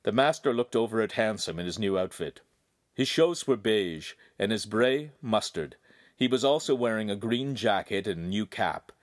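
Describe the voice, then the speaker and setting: Expressive male audiobook narrator. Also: lowish voice, normal speed, no echo, clean studio sound. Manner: expressive storytelling. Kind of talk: scripted narration.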